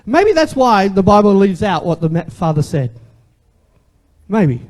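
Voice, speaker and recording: A pastor delivers a loose, conversational sermon to his congregation at a measured pace. His high voice leaps all over the place with lively energy, and he keeps turning rhetorical questions back on his listeners.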